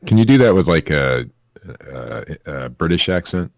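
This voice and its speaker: A man's voice: rumbling low, expressive, moderate pace, no room sound. A man co-hosting a casual comedy podcast, reading news stories aloud with offhand jokes and chuckles.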